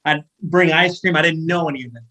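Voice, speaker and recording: Speaking quickly in a fairly high voice, this guest is a firefighter from Sacramento, California, in his thirties. He tells a lively, casual podcast story riddled with fillers and restarts, and the recording quality is low.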